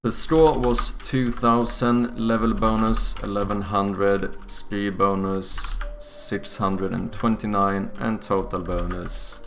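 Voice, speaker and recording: A man's voice: lowish voice, steady tone, takes it slowly, few pauses, noisy background. A man live-streaming game development, thinking aloud in casual chat and swearing freely. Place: home streaming setup.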